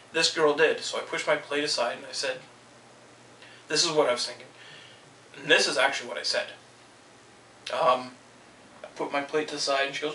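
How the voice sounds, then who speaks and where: A man's voice: on the high side, fairly even intonation, normal speed, long pauses, pushed and bright, roomy sound, far from the mic, slight background noise, low-quality recording. A man venting in a heated, swearing rant about being let go from his job. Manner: heated, swearing, quotes people in raised voices. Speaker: vlogger. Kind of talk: angry personal rant.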